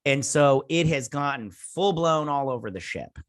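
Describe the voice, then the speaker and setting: A man with a medium-pitched, lively voice talks at a moderate pace, recorded clean in a studio with no echo. He hosts a review channel and recaps an episode casually, rambling and hesitant, full of fillers and restarts, sometimes putting on playful character voices.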